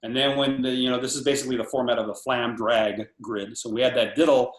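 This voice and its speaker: A man in his sixties giving a casual drum lesson over a video call, animated and counting off patterns as he explains them. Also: mid-range voice, fast talker, echoey room. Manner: animated, talks through patterns while counting off. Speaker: drum instructor.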